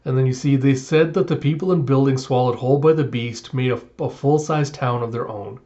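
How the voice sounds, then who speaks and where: A man talks through a comic chapter in a chatty, sarcastic way. His voice sits at an average pitch. The recording is dull and lo-fi. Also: a little fast, mellow. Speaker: manga reviewer. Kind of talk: casual reaction recap.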